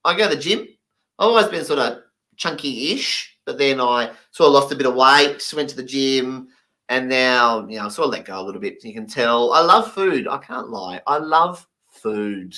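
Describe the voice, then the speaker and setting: Male, stand-up storytelling, playful and emphatic, bright edge, mid pitch. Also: lively intonation, normal speed.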